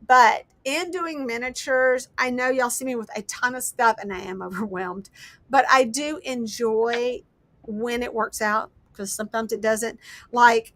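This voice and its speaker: A woman's voice: fairly high pitch, a bit bright, no room sound. A woman hosting a casual crafting livestream, chatting in a rambling, self-deprecating way. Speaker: livestream host.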